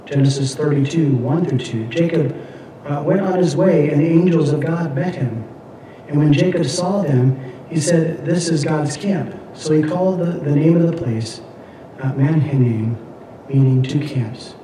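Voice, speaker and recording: A man's voice: fairly high pitch, mellow, a little hiss or hum. A man teaching a Bible class, lecturing and reading scripture aloud, with many fillers and restarts. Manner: halting, frequent fillers and restarts. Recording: echoey room, mic at a distance.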